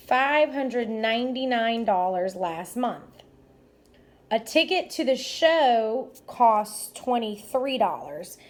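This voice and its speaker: A woman teacher working through math problems aloud, step by step, in an upbeat, encouraging way. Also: fairly high pitch. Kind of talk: math lesson walkthrough.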